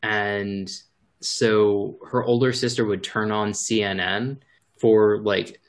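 A man's voice: fairly low pitch, flat delivery, slow. A man chatting casually as a podcast co-host, rambling with fillers. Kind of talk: casual chat.

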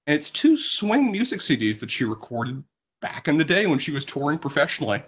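A man's voice: fairly high pitch, very animated, a little fast, fairly bright tone, a little hiss or hum. A man, telling a rambling story on a casual podcast. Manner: rambling anecdotal delivery with restarts. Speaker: podcast co-host.

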